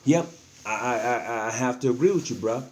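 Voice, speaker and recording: A man's voice: medium pitch, moderate pace, a little mellow. An earnest man talking casually to the camera, giving frank advice as a lodge member, often repeating himself and slipping into slang.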